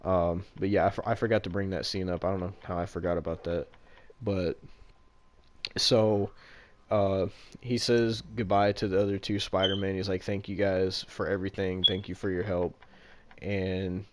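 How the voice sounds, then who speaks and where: A man's voice: sits low, little pitch movement, moderate pace, a little hiss or hum. A man in casual chat, retelling a movie plot in a rambling way, with lots of "like" fillers and casual swearing.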